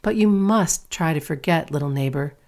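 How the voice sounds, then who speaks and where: A woman reading aloud, voicing a kind, gently rueful mother in a storybook. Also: deep voice, moderate pace.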